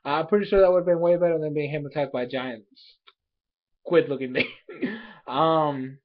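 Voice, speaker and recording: A young man casually recapping an anime episode in a rambling, animated way, full of fillers and quick asides. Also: fairly high pitch, phone-quality sound. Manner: rambling, animated, filler-heavy, laughs often.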